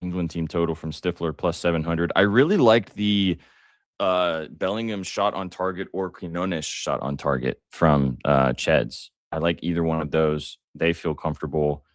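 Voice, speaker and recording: A man hosting a live sports betting show, talking casually with jokes, fillers and bursts of excitement. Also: low-pitched, normal speed, dry recording, clean studio sound. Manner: excitable, joking, lots of fillers.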